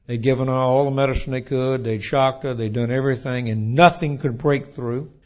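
A man preaching a sermon, telling stories in a folksy, animated way. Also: mid-range voice, fairly quick, dull audio. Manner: folksy, animated storytelling with restarts.

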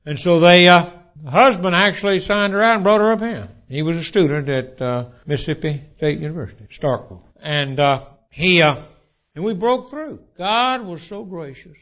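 A man preaching a sermon, telling stories in a folksy, animated way. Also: high voice, moderate pace, highs cut off. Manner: folksy, animated storytelling with restarts.

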